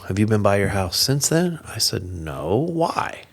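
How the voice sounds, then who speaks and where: A man's voice: fairly low pitch, moderate pace, few pauses. A man guest on a podcast, telling a story in a casual interview, acting out the quoted lines and laughing often. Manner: animated, acts out quoted dialogue in raised voices.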